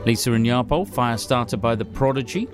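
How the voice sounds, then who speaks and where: A man's voice: medium pitch, quick pace. A man presenting a casual radio show, reading out listener suggestions in an offhand, chuckling way with plenty of fillers. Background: music.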